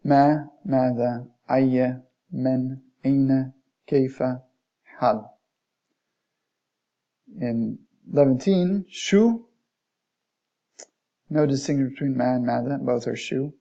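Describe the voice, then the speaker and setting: A man's voice: mid-range voice, steady tone, moderate pace, vocal fry, pauses often, mellow. A man teaching an Arabic lesson, reading from a textbook, explaining it in plain words and modeling Arabic phrases. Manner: reads passages aloud, then restates them plainly, modeling Arabic phrases. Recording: dull lo-fi recording.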